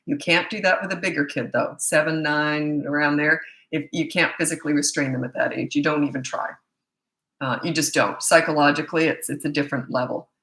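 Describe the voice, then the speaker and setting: A middle-aged woman coach fields parenting questions live, her low voice fraying as it gives out. She speaks with a bright, forceful edge. The sound bounces around a roomy space. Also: steady tone, brisk, gravelly. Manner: blunt, casual, loses track mid-thought. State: losing her voice. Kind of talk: live Q&A, answering viewer questions.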